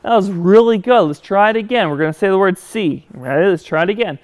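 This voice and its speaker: A man's voice: high-pitched, fast talker. A man hosting a children's educational show who teaches speech sounds and speaks directly to kids at home. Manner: animated, talks straight to kids at home.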